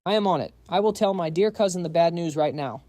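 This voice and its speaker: A man's voice: a little high, quick pace, warm tone, dry recording, clean studio sound, pitched above the performer's own voice, close to an everyday voice. A man voicing a smug, scheming young villain who mocks others. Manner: mocking, smirking.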